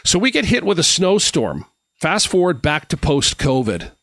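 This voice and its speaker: A man's voice: a little high, wildly swooping pitch, normal speed, fairly bright tone, no room sound, studio quality. A middle-aged man from Canada, hosting a live stream and telling rambling, friendly anecdotes with lots of fillers and restarts. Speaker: host. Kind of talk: casual storytelling on a live stream.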